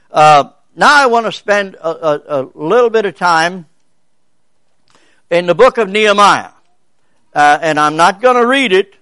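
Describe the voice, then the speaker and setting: A man preaching a sermon as a pastor in a folksy, rambling way, often halting and restarting his sentences. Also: high voice, fairly bright tone, dry recording.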